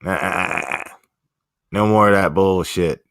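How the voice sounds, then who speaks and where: A man's voice: on the low side, lively intonation, measured pace, a bit bright, a little hiss or hum. Laid-back swearing man on a livestream. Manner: profane, laid-back, slangy, talking to chat. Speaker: livestream host. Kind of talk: casual livestream chat.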